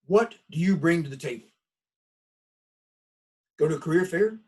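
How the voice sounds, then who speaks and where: This college instructor from the United States speaks with a Southern accent in a husky, fairly high voice at normal speed. Recorded from a distance, his course lecture comes across folksy and conversational, full of animated storytelling.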